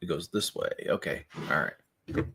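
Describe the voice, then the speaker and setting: A man's voice: extremely low pitch, animated, measured pace, vocal fry, fairly bright tone, breathy edge. A man hosting a casual livestream while building Lego. He rambles with plenty of fillers and keeps breaking into laughter.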